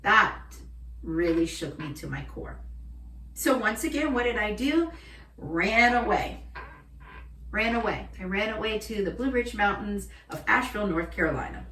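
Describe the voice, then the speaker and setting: A woman's voice: medium pitch, lively intonation, moderate pace, fairly bright tone. A woman in her thirties from Florida, a shaman, telling her life story in a candid, emotional way and swearing freely. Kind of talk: personal storytelling vlog. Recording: roomy, distant from the mic.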